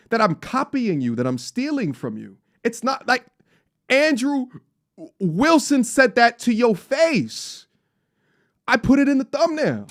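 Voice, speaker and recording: Male streamer, high and lively voice, playful and teasing, laughs a lot. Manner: playful, teasing, laughs often, jumps between hype and mock-serious. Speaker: live stream host reading super chats. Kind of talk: casual live stream chat. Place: travelling abroad.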